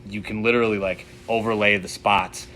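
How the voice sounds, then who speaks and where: A man's voice: lowish voice, little pitch movement, brisk, a bit bright, slight background noise. A man who guides fly fishing, telling stories casually in a podcast interview, rambling with many fillers.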